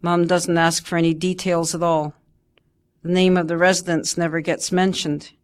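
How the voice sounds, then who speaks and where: A woman narrating her memoir in first person, in a measured, steady way. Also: on the low side.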